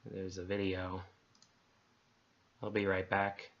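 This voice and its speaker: Reading a horror story in a relaxed, conversational manner, a man replaces each swear with letters or a euphemism as he goes. He speaks slowly in a low, monotone voice, captured with lo-fi sound.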